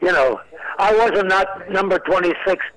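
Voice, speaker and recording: An older man, a comedian guest on a radio talk show, telling rambling anecdotes with deadpan punchlines. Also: sits high, normal speed, poor audio. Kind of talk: storytelling interview chat.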